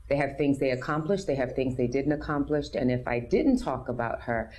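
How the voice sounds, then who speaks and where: A woman speaks with a low voice. She tells her story earnestly and openly as an interview guest, and she acts out other people's words when she quotes them. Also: animated, brisk, a little mellow. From New York City. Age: 50s.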